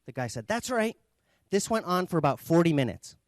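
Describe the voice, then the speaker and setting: A man, a communication trainer, gives a measured, reflective talk with thoughtful pauses. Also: on the high side, expressive, no echo. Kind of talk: invited talk.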